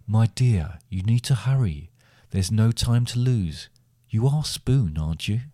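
A man voicing a wise, vague old male wizard in a deep, measured voice. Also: animated, mellow, no room sound, clean studio sound. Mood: solemn.

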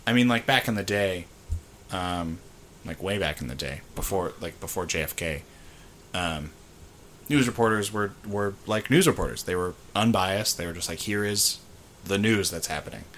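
A man's voice: deep voice, lively intonation, moderate pace, fairly bright tone, a little hiss or hum. A young man co-hosting a podcast in casual chat, blunt and casually profane, with hesitant restarts. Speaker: podcast co-host.

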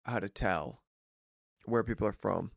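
A man's voice: fairly low pitch, unhurried, vocal fry, dry recording, studio quality. A man co-hosting a podcast, telling a story in casual chat with jokey asides. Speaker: podcast co-host.

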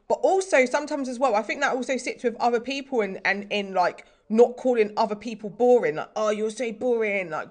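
Rambling young woman. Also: on the high side. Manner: rambling, many "like" fillers, self-deprecating. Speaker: podcast co-host. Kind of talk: casual chat.

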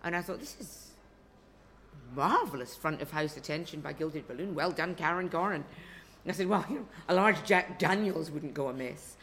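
A woman's voice: low voice, fairly quick, a bit bright, a little hiss or hum. A woman reviewer telling a chatty anecdote in a podcast interview. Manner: chatty storyteller, quoting others.

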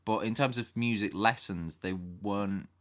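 A man from England chats casually, telling stories from his school days. His voice sits a little low but sounds bright and forward. He laughs often and slips into impressions. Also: normal speed. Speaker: podcast co-host. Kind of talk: casual chat.

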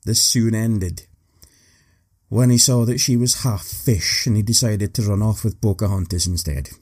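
A man's voice: fairly low pitch, normal speed, darkish tone. A man hosting a talk, telling history with wry, joking asides. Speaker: host. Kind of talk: humorous storytelling.

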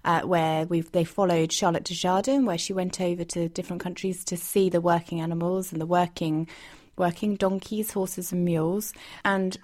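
A woman's voice: on the low side, fairly even intonation, normal speed, a little mellow. Friendly chatty woman hosting a podcast, asking her guest questions. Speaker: podcast host. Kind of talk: interview conversation.

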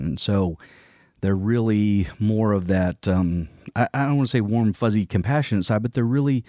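A man with a fairly low, mellow voice talks through ideas in an earnest, explanatory way. He keeps a conversational tone and slips into short quoted lines now and then. The sound is dry and close. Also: normal speed, no echo. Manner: earnest, explanatory, acts out quoted colleagues in passing.

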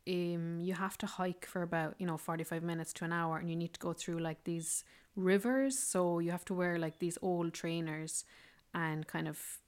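A woman's voice: on the low side, steady tone, normal speed, clean tone. A woman telling a rambling, casual travel story, full of "like" and "yeah". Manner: chatty, rambling, fond of fillers like "like" and "yeah". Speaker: travel vlogger.

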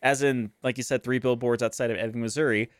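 A man's voice: medium pitch, steady tone, quick pace, no echo, studio quality. A young man co-hosting a casual podcast, easygoing with short replies. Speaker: podcast co-host. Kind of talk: casual chat.

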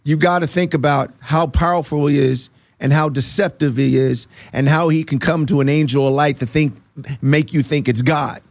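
A man with a gravelly, fairly high voice gives an earnest faith testimony. He tells his stories in an animated way and acts out the dialogue. The sound is dry and close. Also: moderate pace, no room sound. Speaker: interview guest.

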